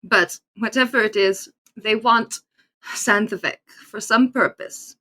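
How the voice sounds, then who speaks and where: A woman player role-playing her character in a tabletop game, emotional and halting. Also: mid-range voice, sharp tone.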